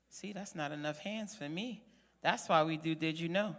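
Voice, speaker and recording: A woman's voice: sits low, normal speed, long reverb tail. A woman presenting a segment to a community meeting, speaking directly to the audience and then reading a news report.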